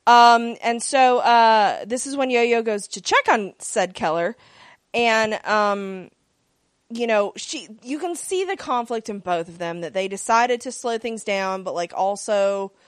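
A woman's voice: on the high side, measured pace, no echo. A woman in casual chat, recapping an episode in a rambling way with many fillers. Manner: rambling, lots of fillers and laughs. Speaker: podcast co-host recapping a TV episode.

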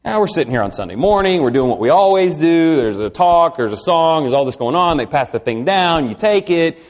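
His voice a little high and expressive, a man gives a sermon that feels like a conversation with the congregation. He puts questions to them and alternates between quiet, unhurried lines and emphatic bursts.

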